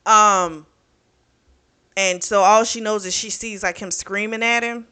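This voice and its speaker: A woman with a bright, forward voice retells a book's plot in a loose, animated way. She fills her talk with "like" and "you know" and swears freely as she recaps. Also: medium pitch, measured pace, pauses often, smooth. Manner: chatty, profane, animated retelling with lots of fillers. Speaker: book reviewer. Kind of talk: casual book recap.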